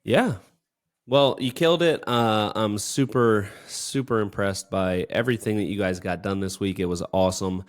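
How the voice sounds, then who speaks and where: A man's voice: lowish voice, normal speed. A man co-hosting a casual business podcast, talking in an enthusiastic, praising, rambling way. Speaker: podcast co-host. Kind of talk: casual chat.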